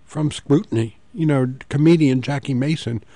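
A middle-aged man hosting a public radio call-in show, speaking in a thoughtful, halting way into a studio microphone. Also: medium pitch, warm tone, dry recording. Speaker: radio talk show host.

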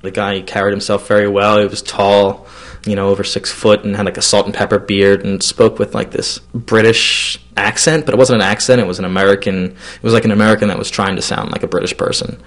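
A man's voice: on the low side, flat delivery, fairly quick. A man telling a personal story in a loose, casual way, with many fillers and restarts.

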